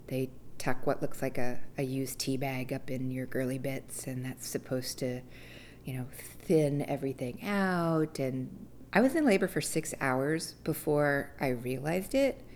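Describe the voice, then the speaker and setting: Woman with a low voice, expressive personal storyteller. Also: measured pace, a little hiss or hum. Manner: animated, acts out quoted people with big pitch jumps. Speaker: mother recounting childbirth.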